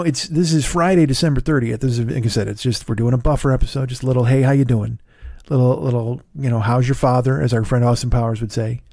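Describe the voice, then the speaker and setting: A middle-aged man hosting his podcast alone, with a hoarse, tired throat, rambling casually with profane, self-deprecating asides. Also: mid-range voice, a little mellow, dry recording, studio quality. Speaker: podcast host. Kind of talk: casual solo podcast chat. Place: home studio in Los Angeles.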